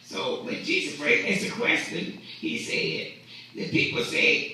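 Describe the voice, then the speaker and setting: A man's voice: high voice, unhurried, pushed and bright, very echoey, far from the mic, slight background noise, low-quality recording. A man preaching a sermon in a conversational way, often repeating and restarting his words, recorded in a church. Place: church sanctuary.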